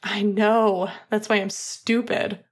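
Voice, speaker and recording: A woman voicing a flustered, confused young man who speaks quickly and swears in a storybook reading. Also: mid-range voice, little pitch movement.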